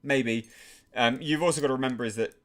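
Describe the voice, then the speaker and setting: A man with an English accent hosting a live stream, reading chat questions and answering in a measured, soft-spoken way with many fillers. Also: medium pitch.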